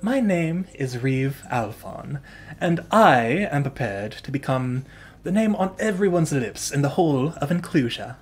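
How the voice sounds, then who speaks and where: A man's voice: fairly high pitch, lively intonation, a little slow, darkish tone, husky. A man voicing a boastful young male wandering musician who talks in a grandiose, theatrical way.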